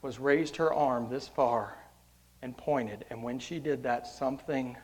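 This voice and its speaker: Addressing his congregation head-on, a preacher delivers a sermon at a slightly slow pace in a medium-pitched voice. His tone moves from hushed narrative passages to loud, passionate exhortation.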